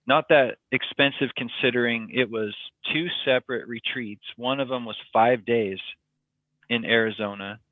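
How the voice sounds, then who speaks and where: Man, podcast guest, rambling casual story, lots of ums, tinny phone-quality line, dry sound, middle pitch. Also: fairly even intonation, normal speed, no echo. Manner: rambling, with frequent ums and likes.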